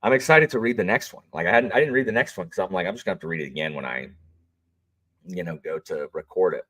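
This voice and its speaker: Chatty deep-voiced man streaming. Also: quick pace, a bit bright. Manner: rambling, chatty, greets viewers, frequent fillers and restarts. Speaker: audiobook narrator and livestream host. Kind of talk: casual livestream chat.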